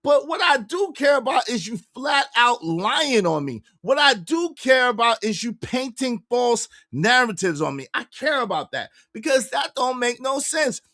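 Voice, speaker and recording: A man hosting a livestream podcast, ranting in a repetitive, animated way and calling out his critics. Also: extremely high pitch, a little slow, hardly any pauses, dry recording, clean studio sound. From New York. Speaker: podcast host.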